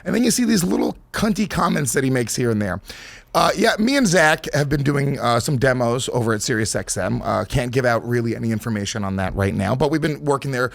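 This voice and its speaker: A man's voice: mid-range voice, animated, fairly quick, creaky, no room sound. A man hosting a podcast in a studio, ranting through profane stories in casual banter. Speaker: podcast host. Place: radio studio.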